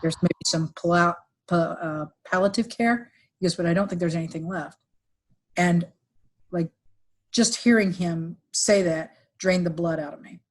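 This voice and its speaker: Woman telling a family story, halting. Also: fairly low pitch. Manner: halting, many restarts and fillers, quotes others in lively voices. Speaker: podcast guest, executive recruiter. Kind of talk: emotional personal storytelling.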